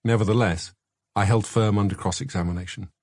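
A man with a low, husky voice narrates a memoir in a measured, matter-of-fact way. He is close on the mic in a dry, dead studio. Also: fairly even intonation, darkish tone, no echo. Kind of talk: scripted audiobook narration.

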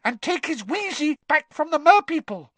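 A squeaky, eager male house elf from a storybook, piping high and full of urgency. He bounces wildly in pitch and keeps addressing his listener as sir. The sound is dry and close. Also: very animated, moderate pace, a bit bright, dry recording. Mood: urgent. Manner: eager, speaks of himself in the third person, adds "sir". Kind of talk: audiobook character voice.

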